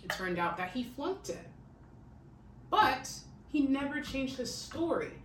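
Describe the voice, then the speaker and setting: A woman's voice: high voice, very animated, measured pace. A woman hosting a podcast, telling a true-crime story in a chatty way, full of "like" and "okay?". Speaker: podcast host. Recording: echoey room, distant mic, faint hiss.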